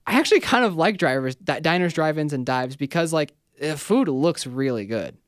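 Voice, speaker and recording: A man chatting on a podcast, his voice a little higher than most and swinging freely up and down as he talks. He laughs often and scatters "like" through his sentences. The sound is close and dry, with no room around it. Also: brisk, dry recording. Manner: animated, laughs often, heavy use of "like". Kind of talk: casual chat.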